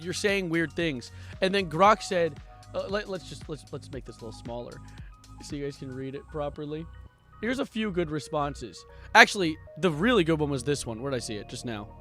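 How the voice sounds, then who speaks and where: A man streaming live, commenting on posts with jokes, frequent laughter and loud incredulous outbursts. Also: sits high.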